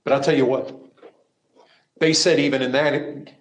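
A man preaching a sermon, emphatic, moving from raised, ringing lines to quiet, hushed asides. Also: mid-range voice, steady tone, unhurried. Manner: emphatic, swings between loud cries and hushed asides.

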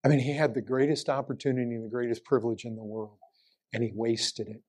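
Speaking quickly in a level tone, a man preaches and leans heavily on rhetorical questions. Some lines come out raised and urgent, others low and hushed.

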